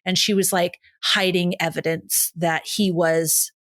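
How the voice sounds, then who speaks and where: A woman in her thirties co-hosting a horror movie podcast in casual chat, animated and swearing, acting out characters' lines with big jumps in her voice. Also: fairly low pitch, a little slow. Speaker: podcast co-host.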